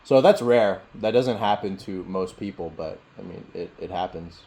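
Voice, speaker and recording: A man teaching meditation in a casual Q&A over a video call, talking in a relaxed, rambling way and laughing often. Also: low-pitched, normal speed.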